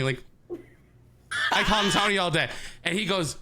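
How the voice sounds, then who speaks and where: A man co-hosting a podcast, telling a long story in an animated way and acting out other people's lines. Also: high-pitched, moderate pace. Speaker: podcast co-host.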